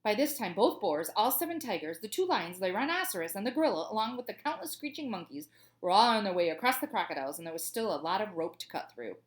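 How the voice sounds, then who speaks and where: A woman's voice: mid-range voice, very animated, fast. A woman, a teacher, reading a children's book aloud in a cheerful, chatty way.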